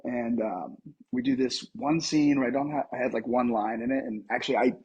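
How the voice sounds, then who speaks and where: Very husky-voiced American man telling stories. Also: medium pitch, fairly quick, dull audio. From Colorado, USA. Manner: animated, lively storyteller with many fillers. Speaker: actor, podcast guest. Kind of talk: casual interview storytelling.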